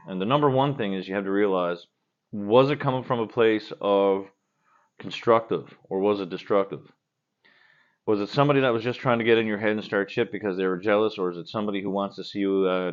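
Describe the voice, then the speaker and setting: A man's voice: fairly low pitch, muffled recording. A man who plays guitar in a cover band, talking bluntly and with plenty of swearing while he drinks beer at home. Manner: blunt and profane, talks in a loose rambling way. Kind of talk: casual vlog answering viewer questions. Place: at home, indoors.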